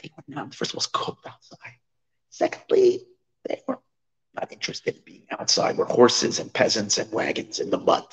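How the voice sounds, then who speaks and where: A man, a rabbi, giving a sermon through expressive storytelling. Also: medium pitch, normal speed, low-quality recording.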